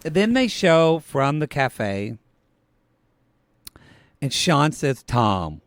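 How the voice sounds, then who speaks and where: A man co-hosting a podcast, chatting casually and campily about a reality show, often slipping into quick impressions of the cast. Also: on the high side, no room sound. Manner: animated, camp, quick impressions of cast members. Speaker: podcast co-host. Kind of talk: casual recap chat.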